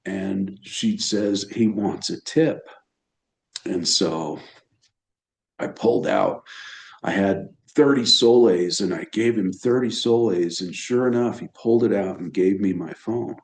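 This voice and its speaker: A man hosting an astrology channel, telling a personal story in a halting way, choked up and pausing often. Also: deep voice, gravelly, roomy sound. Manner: halting, emotional, pauses and restarts.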